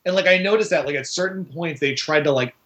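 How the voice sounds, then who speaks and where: A man co-hosting a casual film podcast, talking in an animated, rambling way full of "like". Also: fairly high pitch, quick pace. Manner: animated, filler-heavy, says "like" constantly. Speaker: podcast co-host. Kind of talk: casual movie discussion.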